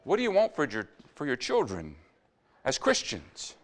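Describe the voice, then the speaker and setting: A man delivers a sermon in a church, pressing the congregation with earnest questions. His voice sits fairly high and swings widely in pitch as he preaches. He drops into quieter asides now and then. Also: huge pitch swings, moderate pace. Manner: drops to quiet asides about running over time.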